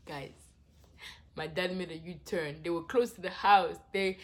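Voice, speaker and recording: A young woman telling a dramatic personal story in a casual vlog, swinging from hushed asides to loud exclamations. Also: mid-range voice, moderate pace. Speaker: vlogger.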